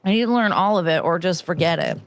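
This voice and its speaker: A woman's voice: lowish voice, animated, fast, no echo. A young woman hosting a casual commentary stream, rambling and swearing, slipping into mocking voices when she quotes people. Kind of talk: casual rambling livestream chat.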